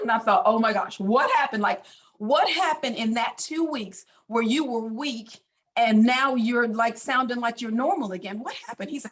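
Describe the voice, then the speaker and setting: A woman's voice: a little high, animated, normal speed. Chatty storytelling woman, middle-aged. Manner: casual storytelling, many fillers. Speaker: physician speaker. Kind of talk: personal testimony talk.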